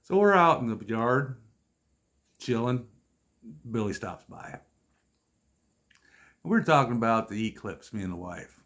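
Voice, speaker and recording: A man in his fifties telling funny stories about his friends in a casual, exasperated, deadpan way, with wry asides. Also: mid-range voice, unhurried, pauses often. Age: 50s. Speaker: storyteller vlogger. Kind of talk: casual comic storytelling.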